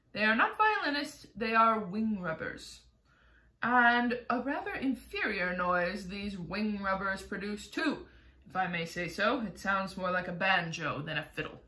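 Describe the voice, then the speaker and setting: A woman voicing a wise old male grasshopper who lectures gently and proudly, in a storybook read-aloud. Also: medium pitch. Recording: roomy echo.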